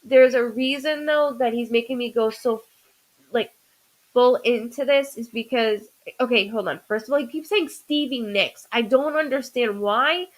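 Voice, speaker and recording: Halting woman giving a live psychic reading. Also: on the high side, low-quality recording. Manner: halting, stops to say "hold on" and restarts a lot. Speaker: psychic medium host.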